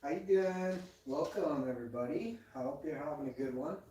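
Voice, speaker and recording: A man's voice: fairly high pitch, brisk, dark tone. A man hosting a casual livestream, bantering and boasting to viewers in the chat. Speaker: livestream host. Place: indoor room with ring light. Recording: roomy echo, far from mic, faint noise.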